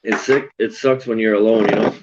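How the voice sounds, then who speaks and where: Casting: easygoing young-sounding guy, low, slangy, dull lo-fi mic. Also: fairly even intonation, a little fast, noisy background. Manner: laid-back, slangy. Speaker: stream chat participant. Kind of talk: casual chat.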